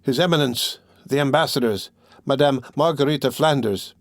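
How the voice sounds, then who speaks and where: A man's voice: mid-range voice, moderate pace, dry recording, studio quality, natural voice. A man voicing a frightened, stammering stage actor in a storybook reading. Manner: stammering, fearful.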